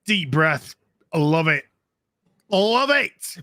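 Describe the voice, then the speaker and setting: A British man co-hosting a casual show, excitable and swearing often as he chats. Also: a little high, slow pace, no echo, studio quality. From United Kingdom. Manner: animated, excitable, swears often, laughs a lot. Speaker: podcast co-host. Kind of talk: casual chat.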